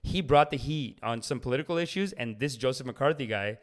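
A man in his late thirties chatting casually on a podcast, an animated storyteller who acts out the people he talks about. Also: medium pitch, fairly quick. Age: 30s. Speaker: podcast host. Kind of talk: casual chat.

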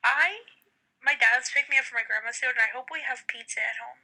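A woman's voice: on the high side, brisk, pushed and bright, slightly rough. A teenage girl co-hosting a casual podcast, blunt and sarcastic as she teases her friend. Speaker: podcast co-host. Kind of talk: casual chat.

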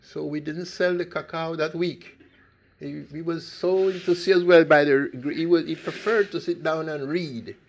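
Older Costa Rican-born man, gravelly voice, animated emphatic storyteller who restarts phrases. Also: fairly high pitch, moderate pace. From Limón province, Costa Rica. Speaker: speaker telling his life story. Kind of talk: personal storytelling talk.

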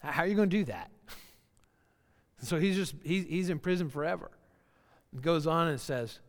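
A man's voice: on the high side, moderate pace, long pauses. A man preaching a sermon as pastor, earnest and repeating phrases for emphasis. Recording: long church reverb.

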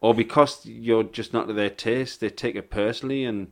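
Blunt, sweary man, low voice. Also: fairly even intonation, moderate pace. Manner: blunt, sweary, laid-back. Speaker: stand-up comedian. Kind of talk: casual podcast chat.

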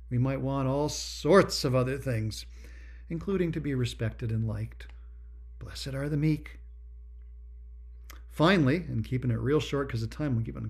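A man's voice: mid-range voice, creaky. A man giving a Christian spiritual talk, emphatic and repetitive, stretching out key words. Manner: emphatic, repetitive, drawn-out stresses. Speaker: Christian speaker.

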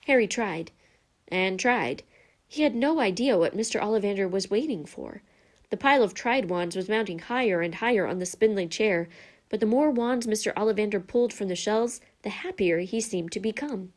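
A woman narrating a storybook in a calm, even reading voice. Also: mid-range voice, normal speed.

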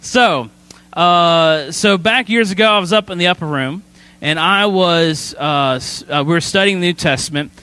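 Brief: male student pastor, high voice, dry close mic, casual storytelling sermon. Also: moderate pace, sharp tone, clean tone, no room sound. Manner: conversational, storytelling, asks "right?" often. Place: church sanctuary.

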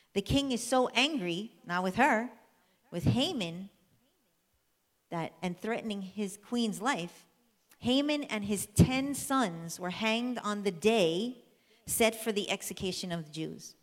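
A woman telling a Bible story as a sermon, lively and conversational, drawing the listeners in. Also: medium pitch. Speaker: church speaker. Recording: long reverb of a large hall.

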